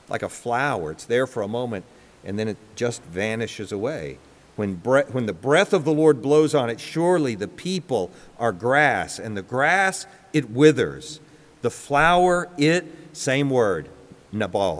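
A man preaching a sermon in an auditorium, rising to raised, emphatic passages and dropping to low, slow ones. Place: large auditorium. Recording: long hall reverb.

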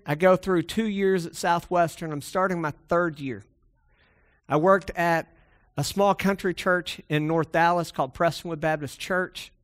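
A man's voice: high voice, a bit bright. A man preaching a sermon that starts as a personal story and builds to emphatic exhortation, speaking to a room that is also streamed online.

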